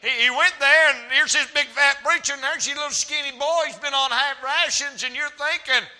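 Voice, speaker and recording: A man preaching a revival sermon, folksy and storytelling, swinging from shouts to hushed asides. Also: very high-pitched, steady tone, moderate pace. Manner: shouting then dropping to a hush, folksy storytelling. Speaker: evangelist preacher. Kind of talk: revival sermon with acted-out Bible stories.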